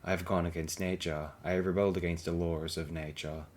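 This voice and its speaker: A man's voice: low voice, flat delivery, a little fast, a little mellow. A man reading blog posts aloud as an audiobook, with a dry, sardonic delivery. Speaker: audiobook reader.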